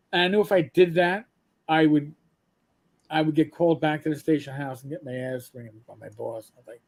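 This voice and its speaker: A man's voice: a little high, steady tone, fast talker, a little mellow. A middle-aged man co-hosting a podcast, telling rambling anecdotes in casual chat with blunt profanity. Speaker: podcast co-host.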